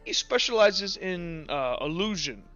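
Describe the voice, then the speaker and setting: Dude doing a worn-out old gardener guy, slow and bright-toned, lo-fi sound with faint music. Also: high voice, very animated, exaggerated voice. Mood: explaining. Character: weary old male gardener, slow and plain. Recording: dull lo-fi audio with faint music.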